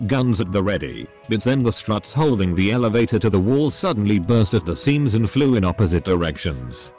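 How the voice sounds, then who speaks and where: Brief: synthetic male narrator, low-pitched, lively pitch swings, reads scripted story narration. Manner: steady machine-read delivery. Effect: synthetic text-to-speech voice.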